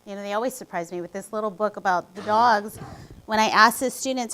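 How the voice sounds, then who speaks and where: A woman's voice: medium pitch, fast, a bit bright, slight background noise, rough recording. A woman educator co-presenting at a teacher training, sharing a classroom anecdote and prompting the audience to discuss.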